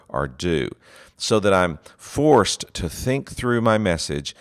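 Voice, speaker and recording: A middle-aged man teaching a lecture on writing sermons, earnest and emphatic, leaning hard on single words. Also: low-pitched. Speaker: preaching instructor.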